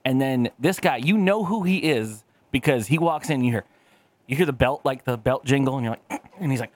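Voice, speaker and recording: A man's voice: mid-range voice, expressive, brisk, no echo. A man in his thirties hosting a podcast, rambling in casual chat with a lot of swearing and acted-out voices. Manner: rambling, profane, acts out quoted voices. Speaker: podcast host.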